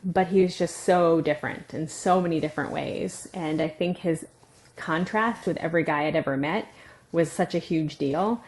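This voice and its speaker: A woman's voice: low-pitched, normal speed, a little hiss or hum. A middle-aged woman sharing her life story as a podcast guest, chatty and full of "like" and laughter. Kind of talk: casual personal testimony.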